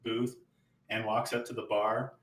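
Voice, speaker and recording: Man, tabletop player, bright voice, roomy echo, off-mic. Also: fairly low pitch, flat delivery, a little slow. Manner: casual, narrates own character's actions. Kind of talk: tabletop role-play. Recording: roomy, distant mic with faint noise.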